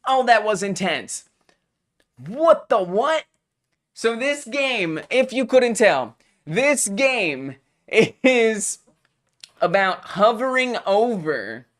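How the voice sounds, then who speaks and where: Excitable streamer with playful mock-rage outbursts. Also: mid-range voice, extremely slow. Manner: excitable, swings from mock rage to giggly chatter; playful made-up exclamations. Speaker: live-stream host playing game jam entries. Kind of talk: live game-playing commentary.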